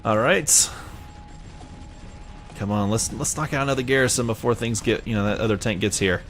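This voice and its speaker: A man with a Southern US drawl chats his way through a strategy game in a lowish voice. He rambles, second-guesses himself and pokes fun at his own choices. Soft music plays faintly behind him. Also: fast talker. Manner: rambling, chatty, self-mocking. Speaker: let's play gamer. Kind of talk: casual gameplay commentary.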